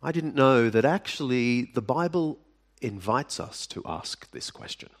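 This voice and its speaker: A man preaching a sermon, speaking deliberately with dramatic pauses and sudden drops to a hush. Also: medium pitch, lively intonation. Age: adult. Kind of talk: sermon to a live audience.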